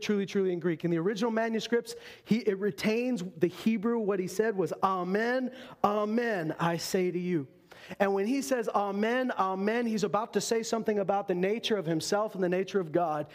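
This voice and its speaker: A man with a notably high voice preaches a sermon. He lifts his pitch for emphatic lines, then drops to hushed, drawn-out phrases. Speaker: pastor.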